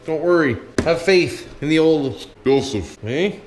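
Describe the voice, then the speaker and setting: A man's voice: a little high, lively intonation, measured pace, a little hiss or hum. Cursing Canadian man in an echoey workshop. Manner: chatty, cursing, calls viewers 'boys'. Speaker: vlogger. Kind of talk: casual workshop vlog, talking to viewers.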